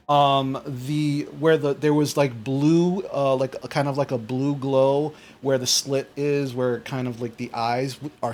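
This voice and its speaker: A man's voice: mid-range voice, a little hiss or hum. A man narrating a tabletop game as game master, rambling with restarts. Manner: rambling, full of fillers and restarts.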